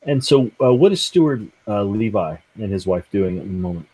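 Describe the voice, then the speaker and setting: A man with a very deep, husky voice speaks as a player in a tabletop game over a video call. He asks questions and thinks aloud, pausing on uhs. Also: animated, dark tone, poor audio. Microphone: online video call.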